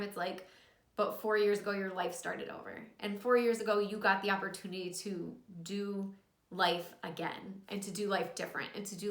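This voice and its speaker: Young woman, casual confessional vlog, earnest, emotional, mid-pitched voice, roomy echo. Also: a bit bright. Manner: earnest, emotional, fighting back tears; casual, many likes and you guys. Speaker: vlogger and author.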